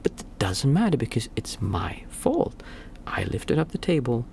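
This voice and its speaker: Unhurried and mid-pitched, his darkish voice carries vocal fry and huge pitch swings, with some background noise present. He's a young adult to middle-aged meditation teacher with small children, teaching casually and reflectively on a livestream as he searches aloud for his wording.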